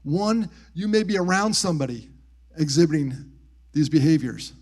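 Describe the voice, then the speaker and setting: A man with a slightly high-pitched voice speaks to a live audience at a military base. He tells personal stories with animated energy, jumping up in pitch to act out the people he quotes. Then he drops to soft, hushed tones on grief. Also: normal speed. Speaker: motivational speaker. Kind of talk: live storytelling talk on suicide prevention.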